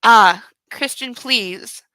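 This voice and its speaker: A woman voicing a pleading young wife, quiet and breathy. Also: fairly high pitch, extremely slow, no room sound, heavily acted, poor audio.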